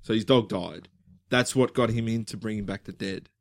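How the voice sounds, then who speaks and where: A man's voice: fairly low pitch, no room sound, studio quality. A young man joking and punning through casual banter with friends. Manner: joking, wisecracking, quick to pun.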